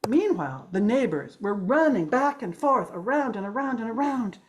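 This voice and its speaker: Animated older woman telling a story. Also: on the high side, moderate pace, slight background noise. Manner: animated, playful, swoops up and down for effect. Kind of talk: live storytelling to an audience. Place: storytelling gathering.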